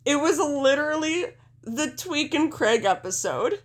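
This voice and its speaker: A woman's voice: high voice, lively intonation, unhurried. A woman co-hosting a podcast in casual chat, rambling and laughing, swearing freely, a little congested. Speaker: podcast co-host.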